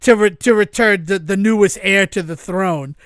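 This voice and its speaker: Podcast host, man, high smooth voice, lively swearing plot recap, dry mic. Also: normal speed, no echo. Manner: animated retelling, swears, acts out quotes, laughs. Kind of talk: casual movie recap chat.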